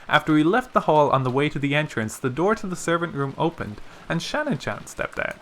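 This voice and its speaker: A man narrating a visual novel aloud in a steady storytelling manner. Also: a little high, fairly quick, few pauses, a little hiss or hum. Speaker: let's play narrator.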